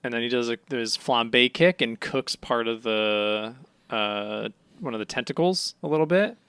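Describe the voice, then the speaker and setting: A man's voice: mid-range voice, measured pace, a bit bright, clean tone, no room sound. A man co-hosting a podcast, casually recapping with jokes and swearing. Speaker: podcast co-host. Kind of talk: casual chat.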